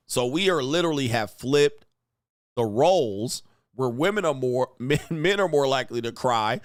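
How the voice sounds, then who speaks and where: Male host, mid-pitch, dry close mic, mocking profane rant style. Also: normal speed, dry recording. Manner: blunt, mocking, profane, mimics voices. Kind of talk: casual commentary rant.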